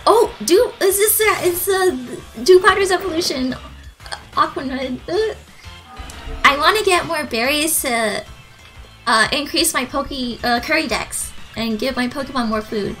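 A woman's voice: high voice, expressive, a little slow, fairly bright tone, faint music behind, rough recording. A woman streaming a video game live, chatting with viewers in a bubbly, gushing way, giggling and thanking them. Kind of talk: live gaming stream commentary.

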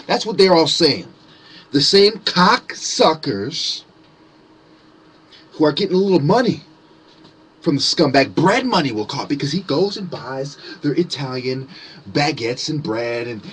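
A man ranting angrily to camera with heavy swearing and mocking sarcasm, his voice swinging between loud outbursts and low muttering. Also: expressive, moderate pace, husky. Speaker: conspiracy vlogger. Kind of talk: angry profane rant to camera.

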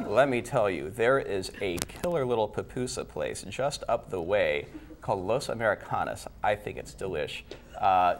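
A man playing a dating show contestant, giving deadpan ironic answers. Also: lowish voice, slight background noise. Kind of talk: joking game show answers.

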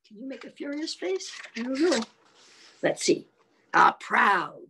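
A woman's voice: on the high side, very animated, a little slow, vocal fry, pushed and bright, a little hiss or hum, low-quality recording. A woman reading a children's picture book aloud, acting out each emotion playfully for young kids. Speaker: children's storyteller.

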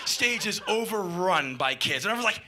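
A man telling a wild anecdote in an excitable, profane way, shouting and mimicking sound effects as he goes. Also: high voice, normal speed, noisy background. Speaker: spoken-word storyteller.

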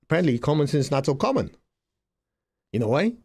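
A man's voice: on the high side, fast, slightly rough. A middle-aged man whose first language is not English, giving an emphatic, repetitive spiritual talk as a healer. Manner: emphatic and repetitive, with lively jumps into quoted voices.

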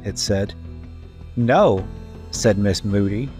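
A man's voice: mid-range voice, takes it slowly, a little mellow. A man narrating a children's story at a careful storytelling pace. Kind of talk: children's read-aloud narration. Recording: dry voice-over with faint music.

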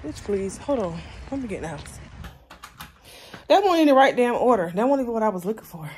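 A woman's voice: a little high, sing-song, brisk, rough recording. A young woman in a casual vlog, chatting bluntly and swearing freely into a handheld phone. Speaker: vlogger. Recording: loud street traffic noise. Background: passing cars.

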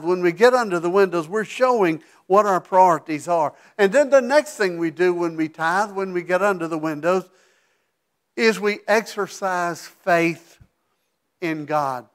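Preaching in a church sanctuary, a high-voiced pastor delivers his sermon with animation, rising to forceful high points and sinking into a quiet tone for side remarks.

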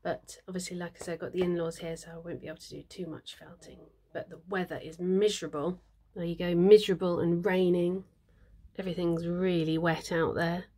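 A woman's voice: on the low side, steady tone, brisk, mellow. Chatty woman showing her crafts. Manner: chatty and chirpy, lots of ums, thinks aloud about her work. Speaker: needle felting vlogger. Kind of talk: casual studio vlog.

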